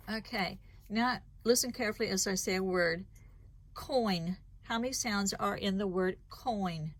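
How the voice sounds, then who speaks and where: Woman teacher, phonics lesson, slow careful enunciation, mid-range pitch. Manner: slow, deliberate sound-by-sound enunciation.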